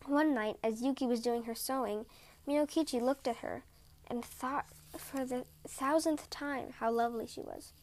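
A woman podcast host reading folk tales aloud in a gentle, measured way. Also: sits high. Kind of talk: storybook reading.

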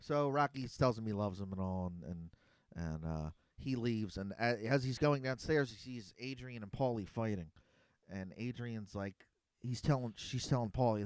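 A man's voice: mid-range voice, lively intonation, smooth, no room sound. Guy on a podcast recapping a movie scene by scene, dry close sound. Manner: retells scenes with quick quoted dialogue. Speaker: podcast co-host. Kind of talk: casual movie recap chat.

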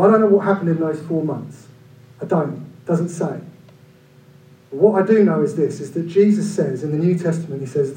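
A man around forty, preaching a sermon in an animated, conversational way with humorous asides. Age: about 40. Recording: echoey room from far off, low-quality.

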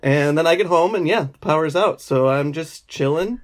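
A man joining a podcast remotely, chatting in a relaxed way with chuckles. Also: fairly high pitch, normal speed. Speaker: podcast guest. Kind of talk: casual chat. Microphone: remote call.

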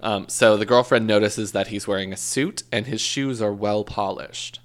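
A man's voice: lowish voice, normal speed. A man co-hosting a casual podcast, telling a true crime story with jokes, swearing and self-corrections. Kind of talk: casual chat.

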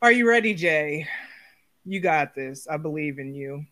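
Slow-talking bright-voiced woman. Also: sits low, expressive. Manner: laughs often while talking, drawn-out delivery. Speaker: podcast co-host. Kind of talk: casual chat.

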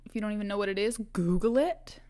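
A woman's voice: medium pitch, little pitch movement, very fast, clear, resonant tone. A young woman from Vancouver Island in Canada hosting a casual solo podcast, chatty and self-mocking, often laughing and restarting her sentences. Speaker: podcast host.

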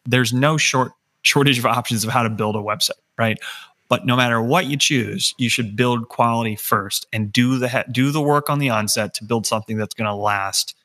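Guy hosting a podcast, bright edgy voice, jokey and rambling, lots of ums. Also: mid-range voice. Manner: chatty, joking, many fillers and restarts. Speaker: podcast host. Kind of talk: casual podcast chat.

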